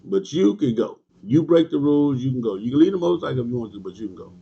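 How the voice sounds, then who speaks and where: Husky man lecturing bikers. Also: mid-range voice, expressive, fast talker, mellow. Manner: emphatic, repetitive, preachy; streetwise slang, talks back to commenters. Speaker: motorcycle club leader. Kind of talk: livestream monologue answering viewers. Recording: dull lo-fi stream audio.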